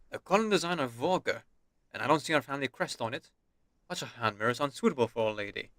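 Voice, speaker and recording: A man's voice: mid-range voice, a bit bright, no room sound, lightly acted. A man reading game dialogue aloud, voicing a haughty, contemptuous nobleman father with a stern, scornful delivery. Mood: disdainful.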